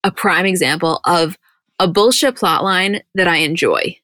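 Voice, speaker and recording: A woman's voice: fairly low pitch, measured pace, sharp tone, dry recording, clean studio sound. A woman co-hosting a casual recap podcast, chatty and rambling, acting out quotes and laughing often. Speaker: podcast co-host.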